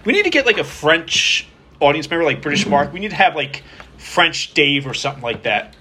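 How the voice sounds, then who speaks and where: A man's voice: a little high, big pitch swings, a little fast, background noise. A man co-hosting a podcast in casual chat, easygoing and teasing. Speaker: podcast co-host.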